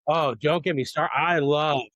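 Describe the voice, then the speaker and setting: A man's voice: fairly high pitch, fairly even intonation, a little slow, fairly bright tone, no echo. A man in his forties, a comedian guest in a casual interview, talking eagerly and rambling, often repeating words as he goes.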